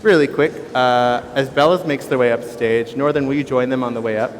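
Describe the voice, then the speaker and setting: A man's voice: mid-range voice, fairly quick, noisy background. A man, a choir director, explaining vocal exercises to a concert audience in a casual, teacherly way. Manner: casual, relaxed teacherly talk with fillers. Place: school concert stage. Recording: long hall reverb.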